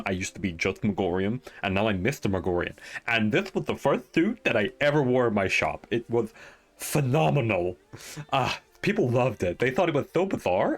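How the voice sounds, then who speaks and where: A man voicing a flamboyant, excitable adult male shopkeeper who gushes with breathless excitement. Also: medium pitch. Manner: gushing, squealing, breathless excitement.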